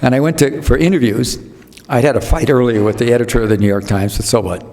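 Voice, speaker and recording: A man's voice: medium pitch, steady tone, fast, darkish tone. A man in his eighties telling rambling anecdotes as a guest speaker, restarting sentences and acting out other people's lines. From United States. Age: 80s. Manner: rambling, with self-interruptions and restarts. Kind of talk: storytelling anecdotes at a public talk. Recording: long hall reverb.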